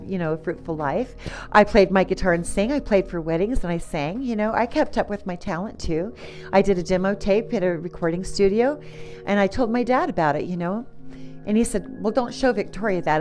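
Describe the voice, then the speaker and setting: A middle-aged woman telling a personal story in a halting way, with many "you know"s, restarts and small laughs. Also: medium pitch, a little mellow.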